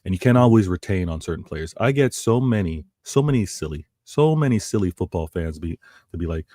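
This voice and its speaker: A man's voice: lowish voice, sing-song, brisk, warm tone, no room sound, clean studio sound. A man co-hosting a casual football chat, rambling and restarting his phrases. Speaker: co-host.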